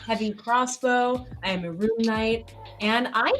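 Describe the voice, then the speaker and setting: An upbeat woman describes her game character to the table. Soft music sits faintly behind her voice. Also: on the high side, unhurried. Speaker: player.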